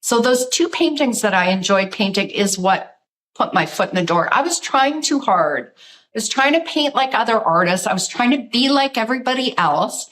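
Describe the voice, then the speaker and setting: Animated middle-aged woman telling her story. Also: fairly high pitch, moderate pace, low-quality recording. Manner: animated storyteller, acts out quoted voices, says "like" often. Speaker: guest artist. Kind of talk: casual interview storytelling.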